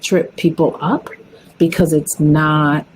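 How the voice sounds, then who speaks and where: A woman hosting a podcast, talking in a relaxed, measured and upbeat way. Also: low voice, slight background noise, rough recording. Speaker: podcast host. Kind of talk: casual podcast interview.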